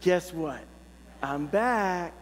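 A middle-aged male pastor preaching a sermon, telling a personal story in a lively, humorous way. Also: high voice, extremely slow. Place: church sanctuary. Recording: long church reverb, faint hum.

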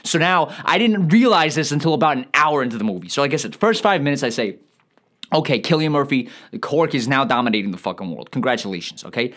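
A man tears into a film in a quick, swooping comic rant. His voice jumps high and drops low as he piles on profanity. He sounds rambling and exasperated throughout. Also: lively intonation, a bit bright. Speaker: comedic ranting reviewer. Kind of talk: comedic movie rant.

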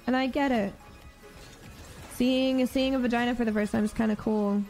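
A woman's voice: a little high, fairly even intonation, moderate pace, darkish tone, soft background music, low-quality recording. A woman streamer in crude, mocking banter with her chat.

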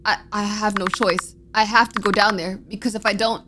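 A woman's voice: medium pitch, steady tone, moderate pace, hardly any pauses, background noise. A woman streaming a horror game, gasping and talking anxiously to herself as she plays. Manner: jumpy, gasping, anxious self-talk. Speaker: gaming streamer. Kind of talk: horror game let's play commentary.

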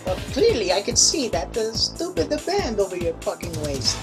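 A woman's voice: medium pitch, sing-song, moderate pace, close to an everyday voice. A woman voicing a blunt, sarcastic cartoon character, over background music. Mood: snarky. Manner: sarcastic, dismissive.

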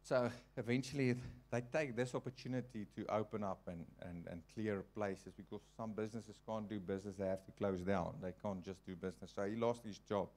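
A man gives a relaxed sermon in a church hall, speaking in a somewhat low voice. He tells his story in a chatty, halting way, often restarting his sentences. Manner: conversational, halting, with frequent restarts. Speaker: preacher. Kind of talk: informal sermon with personal story.

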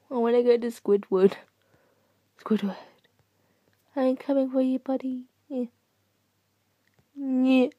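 Slow-talking giggly young woman gamer. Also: sits high, steady tone, warm tone, no room sound. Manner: giggly, self-mocking, drops to whispers. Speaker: gaming channel host. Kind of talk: casual game commentary. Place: at home, on her bed.

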